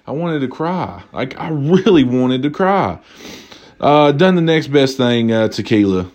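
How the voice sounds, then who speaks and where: A man talks loosely into the mic in a mid-pitched voice, hosting his own drinking podcast. He rambles, curses freely and jokes, and he often backs up to correct himself. He sounds a little tipsy. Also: expressive, unhurried, a little mellow. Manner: rambling, profane, jokey, with self-corrections. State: tipsy from tequila. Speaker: podcast host. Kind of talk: casual drinking podcast monologue.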